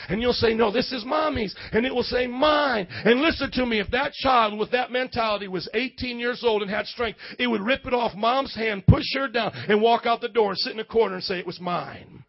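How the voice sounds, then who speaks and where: A man's voice: extremely high pitch, lo-fi sound. A man preaching a sermon with passion, calling out questions to his congregation. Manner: impassioned preaching, calls to the congregation. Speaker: pastor.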